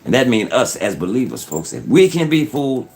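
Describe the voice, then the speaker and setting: A man's voice: mid-range voice, sing-song, a little fast. A man hosting his own channel, talking to viewers in an earnest, repetitive, preachy way. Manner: earnest, repetitive, keeps saying "folks". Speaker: YouTube channel host. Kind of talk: casual preachy commentary.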